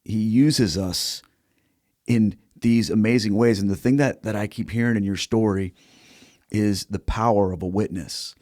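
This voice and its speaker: Reflective low-voiced male host. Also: measured pace, darkish tone, no room sound, clean studio sound. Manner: reflective, builds on the guest's story. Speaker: podcast host. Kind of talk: conversational interview.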